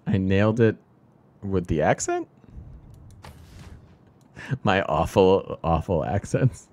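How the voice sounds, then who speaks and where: A man's voice: deep voice, animated, takes it slowly, a little mellow. A man streaming a strategy game, chatting casually and thinking aloud about his moves with self-deprecating remarks. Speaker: let's play streamer. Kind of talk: casual gameplay commentary.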